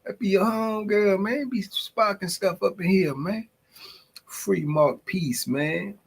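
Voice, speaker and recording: A man's voice: high voice, slow, vocal fry, slightly rough, rough recording. A man hosting a morning podcast in casual banter, laughing often as he reacts to his chat. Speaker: podcast host. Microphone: podcast mic.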